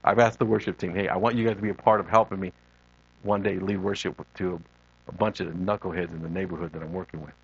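A man's voice: low-pitched, quick pace, muffled recording. Earnest man preaching without notes. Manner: earnest storytelling, animated quoted voices. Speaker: lay preacher and missionary. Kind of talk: unscripted sermon with personal stories.

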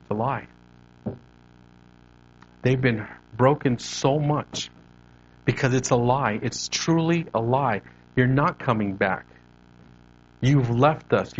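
A man preaching a sermon, animated and conversational, moving his hands as he talks. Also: mid-range voice, muffled recording. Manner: animated preaching with hand gestures. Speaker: pastor.

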